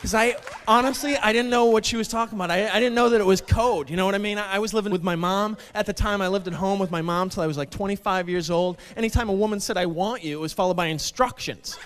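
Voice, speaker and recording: A man doing a stand-up comedy set on a club stage, deadpan and self-deprecating, slipping into mock quotes. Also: high-pitched, fast talker, hardly any pauses. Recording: club stage with long reverb, faint noise.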